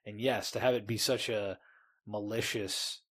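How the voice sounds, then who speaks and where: A man's voice: lowish voice, fairly even intonation, measured pace, a bit bright, husky. A man co-hosting a podcast, talking enthusiastically about a fantasy novel in a rambling way, with many restarts. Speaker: podcast co-host. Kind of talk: casual book discussion.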